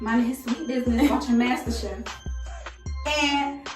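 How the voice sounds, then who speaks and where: A young woman telling a college story in a casual, slangy, animated way, with frequent laughs. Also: on the high side, moderate pace, soft background music. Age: young adult. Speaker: storytime vlogger. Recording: echoey room from a distance.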